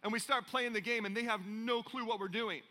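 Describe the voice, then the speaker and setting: Animated pastor preaching in a reverberant church. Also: male voice, sits high, brisk. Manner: animated storytelling, playful asides to the congregation. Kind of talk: sermon. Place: large church auditorium. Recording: long hall reverb in a church.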